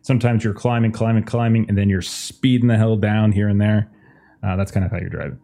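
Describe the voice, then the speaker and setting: A man with a fairly low, mellow voice narrates a tabletop game as its game master. He wanders through his descriptions, restarting phrases and filling gaps as he sets each scene. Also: fairly even intonation, fairly quick. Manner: loose, rambling narration with many restarts.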